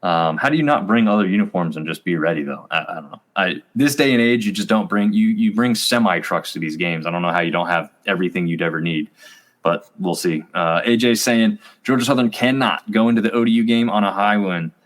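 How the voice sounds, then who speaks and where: A man with a low voice and a brisk delivery co-hosts a college sports review show. He chats casually, rambling and using plenty of fillers.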